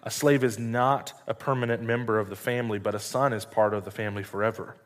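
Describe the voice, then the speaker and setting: A man reading the lines of Jesus as a calm, earnest male teacher in a measured way. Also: fairly low pitch, lightly acted. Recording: long reverb hall.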